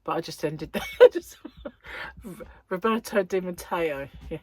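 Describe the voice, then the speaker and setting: A woman's voice: medium pitch, lively intonation, measured pace. A woman hosting a casual vlog, chatty and rambling, laughing at her own jokes, with a slightly stuffy nose. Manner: chatty, rambling, self-mocking, laughs often. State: stuffy nose, about to sneeze. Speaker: crochet vlogger, host. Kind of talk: casual chat to camera.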